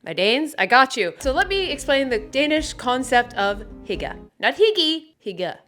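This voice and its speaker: A woman's voice: sits high, lively intonation, moderate pace, a bit bright, soft background music. A woman with a Canadian accent talking casually to camera as a wellness YouTuber, chatty and upbeat with jokey asides.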